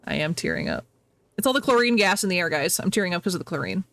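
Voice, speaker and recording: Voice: mid-range voice, huge pitch swings, quick pace, a bit bright, no room sound. A game streamer chatting casually to viewers while playing, laughing often and apologizing a lot. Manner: talks to chat, reacting to the game.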